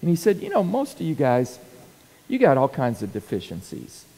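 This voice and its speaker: A man's voice: on the high side, normal speed. A middle-aged man giving a teaching talk for church leaders, telling stories and acting out quotes and sound effects. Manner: animated storyteller, acts out quotes and sound effects. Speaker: speaker coaching church leaders. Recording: long hall reverb.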